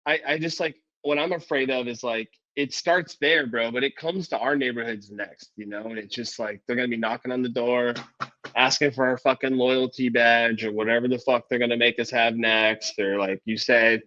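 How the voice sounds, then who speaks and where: A man's voice: medium pitch, steady tone, moderate pace, bright, forceful tone, dull audio. A man co-hosting a podcast in casual chat, laid-back and profane, calling people dude and bro. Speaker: podcast co-host.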